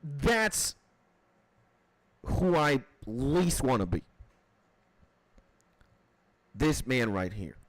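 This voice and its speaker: Lively, fast-swinging male streamer. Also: medium pitch, no echo, low-quality recording. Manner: animated, profane, repeats "like". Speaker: livestream host. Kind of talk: casual livestream rant.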